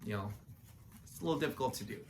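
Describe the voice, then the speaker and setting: A woman's voice: very deep voice, animated, quick pace, noisy background. A woman reading a children's picture book aloud, adding playful, chatty asides to young listeners. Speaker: children's story reader.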